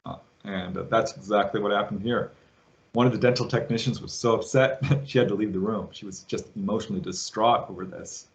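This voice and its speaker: A man guest on an interview show, retelling a witness's story with lively quoted voices. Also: fairly low pitch, fairly quick, vocal fry. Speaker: guest, UFO researcher.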